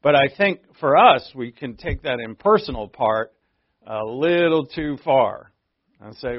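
A man's voice: medium pitch, expressive, measured pace, no echo, muffled recording. A man preaching a sermon as pastor, in a conversational style that often asks the listeners questions.

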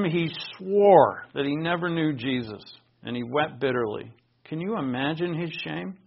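A man preaches in an earnest, conversational tone, his voice gravelly and husky. The recording sounds a little dull and lo-fi. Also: on the high side. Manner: earnest, conversational storytelling with personal asides. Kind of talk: sermon.

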